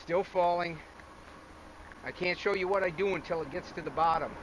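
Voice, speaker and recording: A man hosting a fishing show on a river bank, out of breath and excitedly talking viewers through his catch in a folksy way. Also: sits high, normal speed, very noisy. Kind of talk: outdoor fishing commentary.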